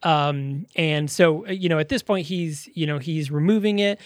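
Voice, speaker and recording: A man talking over a movie on a podcast, his voice sitting a little high. He retells scenes with quoted dialogue, recorded close and dry with no room sound. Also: normal speed, dry recording. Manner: animated scene retelling with acted-out quotes and laughs. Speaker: podcast co-host. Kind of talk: casual movie review chat.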